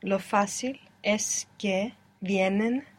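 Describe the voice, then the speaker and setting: A woman's voice: medium pitch, slow pace. A woman student in a language lesson, answering tentatively and thinking aloud.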